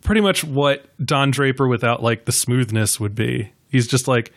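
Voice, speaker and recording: A man's voice: medium pitch, moderate pace, few pauses, fairly bright tone. A man hosting a podcast, chatting casually about a film, rambling with many fillers and acting out quotes. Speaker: podcast host.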